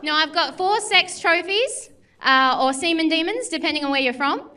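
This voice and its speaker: A woman's voice: very high voice, expressive, normal speed, bright, forceful tone. A woman stand-up comedian, brash and bawdy, talking confidently to a club crowd. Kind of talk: stand-up set and interview.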